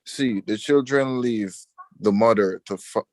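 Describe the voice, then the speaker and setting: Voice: medium pitch, a little slow, no room sound. A student reading exam questions aloud, carefully, stumbling over some words.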